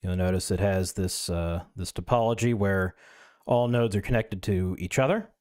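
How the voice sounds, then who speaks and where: A man's voice: sits low, moderate pace, darkish tone, clear, resonant tone. A male streamer reading an essay aloud, breaking in with wry, self-mocking asides.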